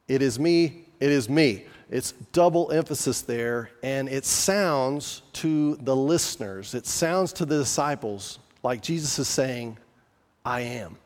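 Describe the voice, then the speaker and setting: A man's voice: mid-range voice, a little slow, few pauses, a little mellow. Man preaching in an echoing hall. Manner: conversational preaching with restarts and asides. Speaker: pastor. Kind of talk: sermon. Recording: long reverb of a large hall.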